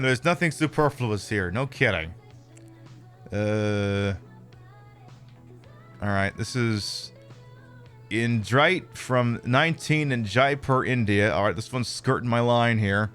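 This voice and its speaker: A man streaming a video game, reading from it and making wry, deadpan asides. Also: mid-range voice, slow, long pauses, clear, resonant tone, soft background music. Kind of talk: playing and commenting on a video game.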